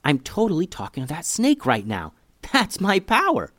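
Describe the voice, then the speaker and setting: A man's voice: a little high, wildly swooping pitch, moderate pace, fairly bright tone, dry recording, pitched above the performer's own voice, full character voice. A man doing a jumpy, panicky boy. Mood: coaxing. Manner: panicky, exclaiming. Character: excitable boy, a bit dramatic and jumpy.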